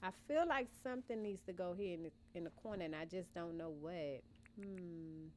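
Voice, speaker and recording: A woman's voice: lowish voice, normal speed, darkish tone, a little hiss or hum. A young woman, chatting casually with her live-stream viewers while she plays and thinks aloud. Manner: chatty, muses aloud, addresses chat as y'all. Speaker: gaming streamer. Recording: faint background game music.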